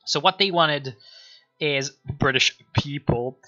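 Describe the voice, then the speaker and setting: A man talks history on a live stream, rambling and sardonic, with a lot of filler words. His voice is sharp and very bright. The audio is dull and lo-fi, with faint music underneath. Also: medium pitch, a little slow.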